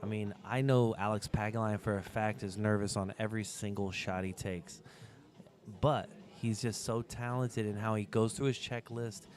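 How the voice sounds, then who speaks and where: A man's voice: on the low side, fairly even intonation, moderate pace, darkish tone. A man co-commentating a pool match, who also gives lessons, speaking earnestly in a motivational coaching way about the mental game. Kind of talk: live sports commentary.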